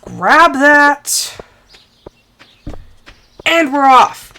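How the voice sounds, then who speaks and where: A woman's voice: sits high, extremely slow, pushed and bright. A woman streamer commenting live on her farming game, exasperated and talking herself through setbacks. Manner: exasperated, talks to herself, self-soothing.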